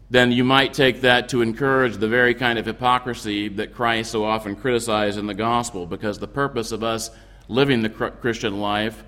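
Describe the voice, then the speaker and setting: A man delivering a sermon as a priest, explaining scripture in a measured way with occasional restarts. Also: mid-range voice, a bit bright, big-room sound. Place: church.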